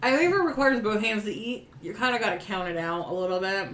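A woman co-hosting a casual group chat, blunt and quick to laugh. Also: mid-range voice, fairly bright tone, roomy sound, slight background noise. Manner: blunt, laughs easily, leads the topic. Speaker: co-host.

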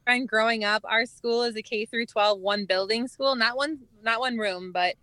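A woman's voice: fairly high pitch, steady tone, moderate pace, bright, forceful tone, no echo. A woman, a blunt, teasing podcast guest who laughs often, talking over a phone. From rural Wisconsin. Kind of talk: casual podcast chat.

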